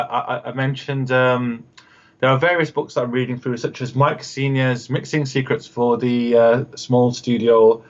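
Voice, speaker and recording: A man's voice: medium pitch, muffled recording. Rambling man on a video call. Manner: rambling storyteller, acts out quoted voices, many fillers. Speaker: guest, radio host and producer. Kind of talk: casual video call interview.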